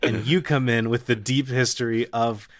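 A man of middle pitch co-hosting a podcast. He trades wry, deadpan jabs at his co-host in easy, casual chat. The microphone sound is close and dry. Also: moderate pace, dry recording. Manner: wry, teasing, deadpan jokes.

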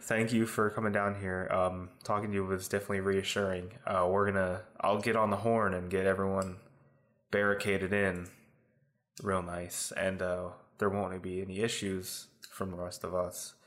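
Man doing a nervous townsman, deep-voiced, rambling. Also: level tone, moderate pace, fairly bright tone. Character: worried small-town husband and father.

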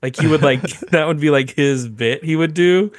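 A man co-hosting a casual comedy podcast, rambling and halting, with frequent laughs. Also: on the high side, no room sound, clean studio sound. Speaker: podcast co-host.

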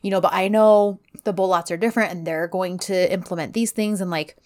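A woman's voice: fairly even intonation, brisk. A woman chatting casually as a co-host, gushing about scenes and exclaiming often. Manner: gushing, exclaims often, acts out lines in higher voice. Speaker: podcast co-host recapping a drama series. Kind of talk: casual chat.

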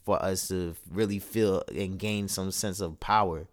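A man's voice: low voice, steady tone, a little slow. A man co-hosting a podcast, talking in a laid-back, reflective way and often trailing off and restarting his thoughts. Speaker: podcast co-host. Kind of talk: casual chat. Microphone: phone-like call audio.

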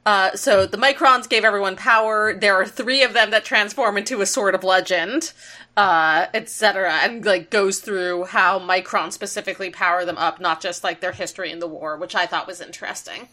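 Bright-voiced woman in casual chat. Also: mid-range voice, normal speed. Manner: playful, teasing, swears casually. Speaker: podcast co-host.

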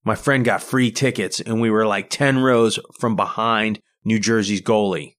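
A man's voice: fairly low pitch, steady tone, a little slow, a bit bright. A man hosting a podcast, telling rambling personal anecdotes in a casual solo monologue and often restarting his sentences. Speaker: podcast host.

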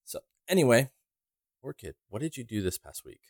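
A man's voice: mid-range voice, very animated, normal speed, creaky, no room sound, studio quality. A man co-hosting a podcast in casual chat, rambling and wry, swearing now and then. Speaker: podcast co-host.

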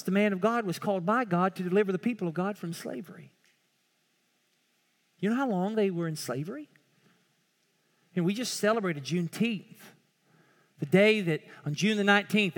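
A male pastor preaching a sermon with impassioned swings from loud pleading to hushed tones. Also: high voice, big-room sound.

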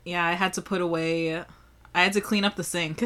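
Bright-voiced young woman, wry. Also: fairly low pitch, fairly even intonation, moderate pace. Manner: wry, laughs often, swears. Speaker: co-host. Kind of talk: casual chat, beer tasting.

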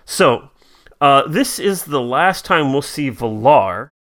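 A man's voice: mid-range voice, expressive, slow, a bit bright. A man co-hosting a podcast in casual chat, playful and rambling as he riffs. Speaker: podcast co-host.

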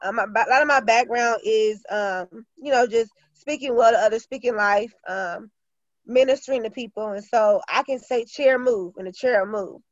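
A woman's voice: fairly high pitch, moderate pace, no echo, muffled recording. A woman teacher and author talking earnestly in an interview, with many fillers and restarts. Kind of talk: casual interview talk.

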